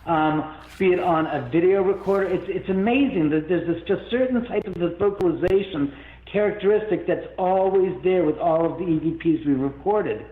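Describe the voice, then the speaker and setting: A man telling a long story as an interview guest, rambling and animated, with many restarts. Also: high-pitched, moderate pace. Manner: rambling, animated, full of restarts and self-quotes. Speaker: guest, haunted-house owner. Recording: phone-like line in an echoey room.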